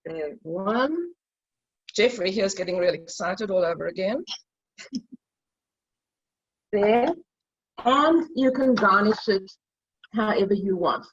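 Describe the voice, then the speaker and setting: Over a video call with dull, lo-fi audio, a middle-aged woman hosts a casual cooking demo, chatting and telling stories as she cooks. Her medium-pitched voice is slow and breathy, with frequent pauses and no echo.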